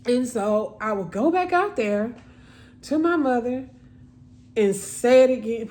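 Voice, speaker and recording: A woman telling a painful personal story in a repetitive, emotional, halting monologue. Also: on the high side, expressive, darkish tone.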